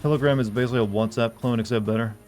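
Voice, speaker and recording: A man's voice: medium pitch, steady tone, rapid-fire, a little mellow, soft background music. A man streaming a game, chatting casually and rambling with frequent restarts and asides. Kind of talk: casual gameplay commentary.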